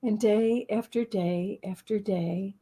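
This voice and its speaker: Her mid-range voice is slightly rough, and she takes it slowly. The speaker, a middle-aged author and spiritual teacher appearing as an interview guest, tells a lively, self-mocking story while acting out her own thoughts.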